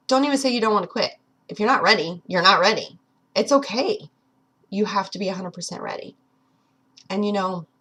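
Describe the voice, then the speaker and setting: A woman in her thirties with a slightly husky, breathy voice, talking to her viewers in a personal vlog. She sounds earnest and encouraging, giving a direct pep talk. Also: mid-range voice, fairly bright tone. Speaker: vlogger.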